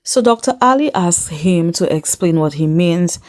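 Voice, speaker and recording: A woman's voice: fairly low pitch, normal speed. Sassy woman recapping reality TV. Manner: sassy, animated, acts out the people she quotes; speaks straight to the viewer. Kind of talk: casual chat.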